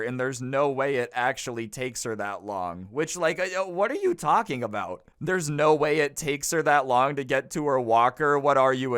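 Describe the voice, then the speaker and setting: A man's voice: mid-range voice, a bit bright, clean tone. A man narrating a reader-submitted story in a casual, sarcastic storytime commentary, rambling with lots of fillers. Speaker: YouTube storyteller.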